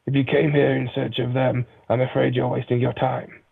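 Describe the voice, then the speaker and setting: A man voicing a wary, dismissive male innkeeper from a game, reading the lines slowly and formally. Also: mid-range voice, little pitch movement, vocal fry, slightly rough. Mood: dry. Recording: tinny phone-like line.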